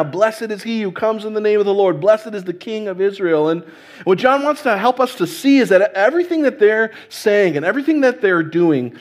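A man delivers a Sunday sermon, his voice sitting a little higher than most men's. He talks it through casually, restarting phrases and adding "right?" to bring the listeners along. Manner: conversational preaching with fillers and restarts, asking "right?". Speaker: pastor.

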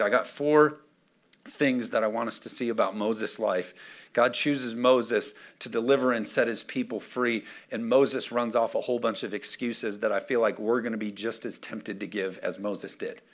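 A male pastor delivering an emphatic sermon, pushing his points hard and repeatedly calling on the congregation to answer him. His voice sits at an ordinary middle pitch. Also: fairly even intonation, normal speed. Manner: emphatic, call-and-response preaching.

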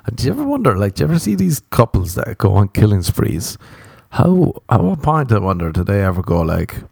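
A man's voice: lowish voice, wildly swooping pitch, a little fast, gravelly, a little mellow, husky, dry recording. A young Irish man in his twenties, rambling through a comedic solo chat, profane and self-mocking, close to the mic. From Ireland. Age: 20s.

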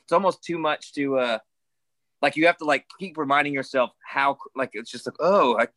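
A man's voice: mid-range voice, moderate pace, a bit bright. A man chatting casually, rambling with many restarts and fillers. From Ireland. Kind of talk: casual chat.

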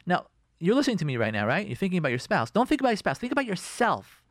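A man hosting a radio show, giving marriage advice in an animated way and acting out arguing spouses. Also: high-pitched, very fast, no room sound, studio quality. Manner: lively, acts out quoted spouses in raised voice.

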